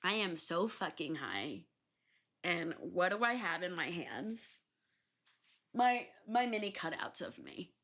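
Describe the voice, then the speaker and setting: A young adult woman hosting a podcast, telling stories in a loose, animated way, swearing freely and filling pauses with ums and likes. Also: lowish voice. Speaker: podcast host. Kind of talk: casual solo storytelling.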